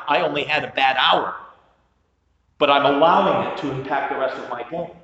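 A man's voice: medium pitch, a bit bright. A male pastor preaching a sermon in a conversational way, with self-deprecating humor. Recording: roomy hall with long reverb, dull sound.

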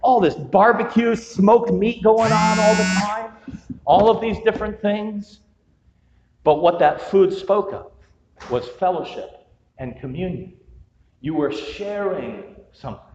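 A man's voice: high-pitched, measured pace, darkish tone, slight background noise. A man preaching a sermon as pastor, conversational and joking, with humorous asides. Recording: dull, echoey hall sound.

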